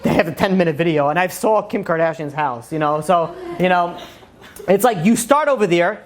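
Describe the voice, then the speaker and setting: Fast-talking rabbi, joking and animated. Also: male voice, sits high. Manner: fast-talking, animated, heavy on "you know". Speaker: rabbi teaching a Torah class. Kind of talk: casual joking lecture to a live class. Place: classroom with a live audience.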